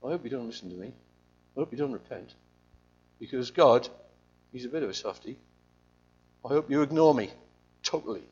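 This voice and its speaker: Male preacher doing a grudging prophet: high, whiny, sulky, heavily exaggerated swings. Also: big pitch swings, a little slow, muffled recording, exaggerated voice. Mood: muttering.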